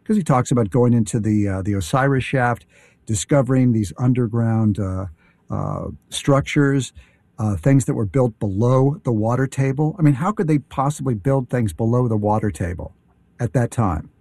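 As a guest on a radio show, a man talks casually and with enthusiasm, though haltingly, with many fillers and restarts. His voice is medium-pitched and somewhat dark, with no echo.

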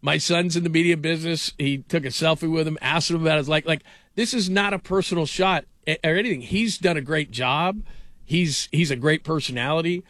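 A middle-aged male sports radio host rambling through anecdotes in a somewhat high voice. He talks loosely, full of fillers and restarts, with the sound close and dry. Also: a little fast, no room sound. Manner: rambling storyteller, animated, frequent fillers. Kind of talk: casual sports talk.

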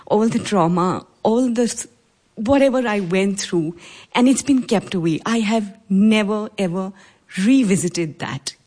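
A middle-aged woman from India telling a personal story live on stage, measured and earnest, with pauses. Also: medium pitch, a little mellow. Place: stage before a live audience.

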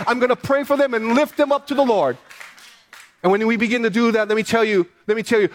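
A man pastor preaching a sermon, reading scripture slowly and repeating key phrases for emphasis. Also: very high-pitched. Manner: reads scripture slowly and deliberately.

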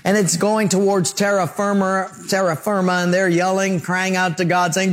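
Earnest preaching man, higher-pitched. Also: fairly even intonation, moderate pace, few pauses. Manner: earnest, storytelling, emphatic repetition. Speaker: pastor. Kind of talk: radio sermon.

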